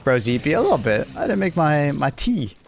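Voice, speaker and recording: A man's voice: a little high, sing-song, quick pace, slight background noise. A man chatting casually on a gaming livestream, sleepy and laid-back, swearing and teasing himself as he plays. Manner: profane, laid-back, self-mocking banter. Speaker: streamer.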